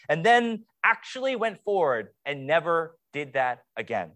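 A young man preaching a sermon as pastor, swinging between hushed, quiet passages and playful mock-excited sarcasm. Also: on the high side, a little slow, hardly any pauses.

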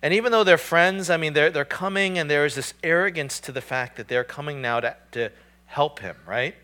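A man's voice: on the high side, a little fast, bright, forceful tone. A man preaching a sermon in a conversational, emphatic way, often restarting his sentences. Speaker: pastor.

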